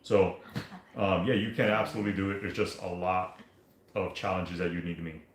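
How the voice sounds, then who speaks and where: A man's voice: low-pitched, flat delivery, fairly quick, roomy sound. A man co-hosting a casual livestream, reading super chats and chatting easily about his homestead. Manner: easygoing, reads viewer messages aloud.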